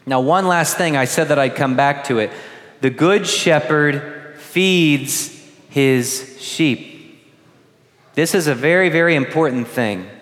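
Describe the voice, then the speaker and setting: A man preaching a gentle homily to first communicants, asking the children questions. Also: fairly high pitch. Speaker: priest. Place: large church. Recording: long church reverb.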